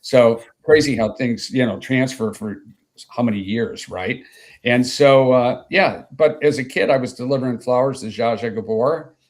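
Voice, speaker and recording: A Chicago man in his sixties, speaking at medium pitch and normal speed, appears as an interview guest. He tells long anecdotes, rambling with plenty of fillers and asides.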